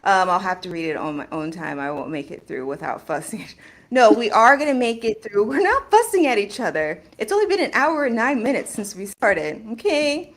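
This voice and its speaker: Woman host, casual chat, animated and laughing, voice swings widely in pitch. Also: normal speed. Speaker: podcast host reading fan fiction.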